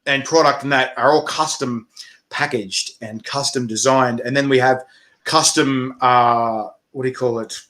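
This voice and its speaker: Excitable man, bright voice. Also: medium pitch, measured pace. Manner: excitable, laughing, swears casually. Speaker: organizer of a chili eating competition. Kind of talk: animated interview chat.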